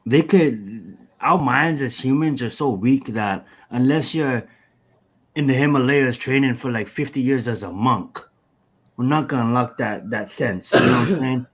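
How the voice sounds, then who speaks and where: Man, podcast guest, casual chat, rambling, lots of fillers, mid-pitched voice. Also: normal speed, husky. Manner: rambling, with many fillers and restarts.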